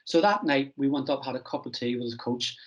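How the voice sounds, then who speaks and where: Middle-aged man, coach as guest; mid-pitched, chatty anecdote teller on a muffled, lo-fi track. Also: fairly quick. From Ireland. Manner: animated anecdotes, frequent restarts and "I goes". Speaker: strength and conditioning coach, guest. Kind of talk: conversational storytelling interview. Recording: dull lo-fi recording.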